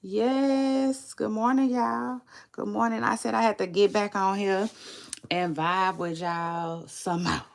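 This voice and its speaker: Slow gravelly-voiced woman livestreaming. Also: mid-range voice, steady tone. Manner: rambling, drawn-out, repeats phrases; slow, gravelly, laid-back delivery. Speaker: livestream vlogger. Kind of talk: casual livestream chat.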